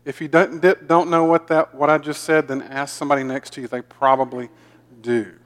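A man with a mild Southern accent from the American South pastors a church, giving a folksy, joking sermon full of repeated words. His voice is fairly high, level in tone and brisk. The sanctuary setting adds long hall reverb.

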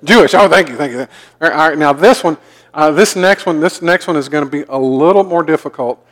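Southern pastor preaching in a reverberant hall. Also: male voice, a little high, fairly quick, a bit bright. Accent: mild Southern American. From American South. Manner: folksy, joking, with frequent repeated words. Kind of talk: sermon. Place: church sanctuary.

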